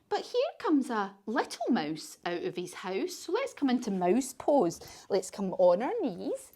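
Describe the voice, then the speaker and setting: A woman's voice: a little high, huge pitch swings, measured pace, hardly any pauses, mellow, breathy edge. A woman teaching a children's yoga class through a story, giving sing-song, encouraging instructions.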